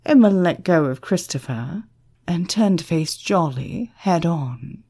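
A woman narrating an audiobook in an expressive, measured storytelling manner. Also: lowish voice, breathy edge.

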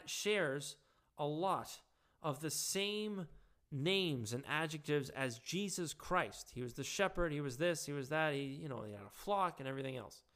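A man giving a halting, casual monologue with frequent restarts, his voice hoarse and giving out. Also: fairly high pitch, sharp tone.

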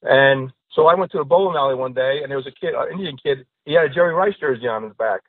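Comedian guest, male, rambling joke-teller, rapid and a touch husky, phone-thin. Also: mid-range voice, no room sound. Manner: rambling, repeats "you know". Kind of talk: casual chat and joke telling. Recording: tinny phone-like line, dry.

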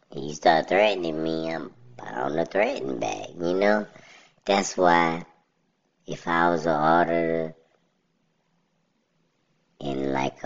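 A woman's voice: vocal fry, dull audio. A woman giving a rambling, slangy commentary on a video she is watching, laughing often. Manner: rambling, slangy, laughs often, voice jumps high when ranting. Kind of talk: casual reaction commentary.

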